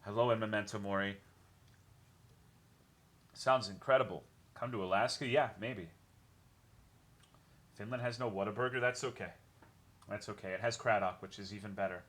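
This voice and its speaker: A man's voice: lowish voice, moderate pace, pauses often, a bit bright. Laid-back, foul-mouthed male streamer. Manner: laid-back, rambling, swears often, greets chat by name. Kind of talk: casual chat with live viewers.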